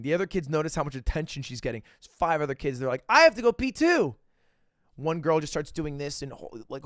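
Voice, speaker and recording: Streaming from home, a young man tells his chat a story in a casual, animated way, jumping into high voices whenever he quotes someone. The audio is studio quality with no echo.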